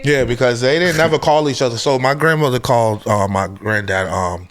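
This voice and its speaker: A man's voice: mid-range voice, a little fast, a little hiss or hum. A man co-hosting a podcast, telling loose, profane stories about his family in casual chat. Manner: storytelling, loose and profane, acts out family quotes. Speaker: podcast co-host.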